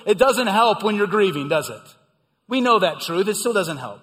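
A middle-aged man preaching a sermon, swelling into emphatic passages and then dropping quiet and low. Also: animated, moderate pace, big-room sound. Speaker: pastor.

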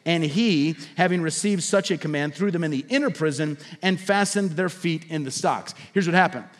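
A man preaching a sermon as pastor in a church, building up to loud emphatic lines and dropping to a hush. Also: fairly high pitch, moderate pace. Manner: preaching with swelling emphasis and sudden drops to a hush. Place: church sanctuary. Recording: long hall reverb.

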